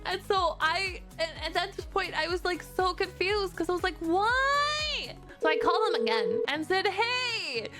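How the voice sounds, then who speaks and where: A woman streamer telling a story in a casual rant, animated and exasperated, swearing freely. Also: sits high. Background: background music.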